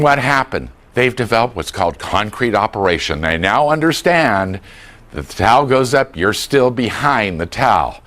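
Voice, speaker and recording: An older man giving a humorous talk on dementia care to a class, joking and acting out voices of family members. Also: lowish voice. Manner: animated, jokey, acts out voices.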